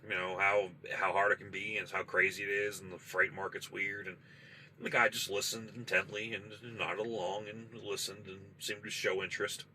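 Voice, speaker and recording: A trucker man with a lowish voice tells a spooky story from his parked truck. His tone is bright and forceful, and his talk is loose, profane and conversational, with a faint hiss of noise underneath. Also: flat delivery, normal speed, rough recording. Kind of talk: casual spoken storytelling.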